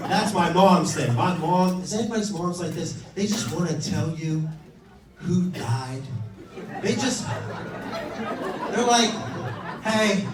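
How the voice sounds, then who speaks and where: A high-voiced man in his thirties works through a stand-up set, swearing and acting out his family's lines with exasperated timing. The sound carries the echo of a club room, picked up from some way off the mic, and an audience laughs loudly throughout. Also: animated, measured pace, background noise. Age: 30s. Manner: profane, exasperated storytelling with acted-out quotes. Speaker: stand-up comedian. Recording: echoey room, mic heard from a distance, crowd laughter.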